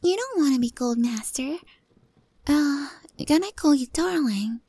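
A devoted cat girl murmurs in a whispered role-play, played by a young woman. Her voice is high, mellow and warm, unhurried, with soft meows. It sounds close and dry, with no room around it. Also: expressive, no echo. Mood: adoring. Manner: soft, breathy, adoring, meows between lines. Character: affectionate adult cat girl, devoted, clingy, pleading.

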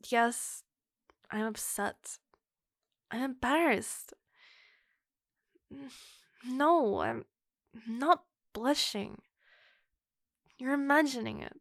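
A woman voicing a muscular wolf-girl monster, flustered yet forward, in an audio role-play, speaking slowly with a gravelly edge and slipping into breathy whispers. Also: fairly high pitch, fairly bright tone, no echo, studio quality, exaggerated voice. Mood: embarrassed.

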